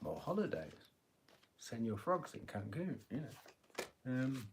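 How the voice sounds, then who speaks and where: Man, middle pitch, live tarot stream, chatty, jokey, phone mic. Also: very animated, slow pace, background noise. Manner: chatty, joking, laughs often, swears. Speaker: tarot reader.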